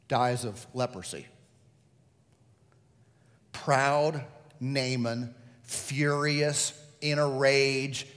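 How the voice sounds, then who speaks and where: A man's voice: medium pitch, in a large hall. A male pastor preaching a sermon, telling the story vividly and putting questions to the congregation.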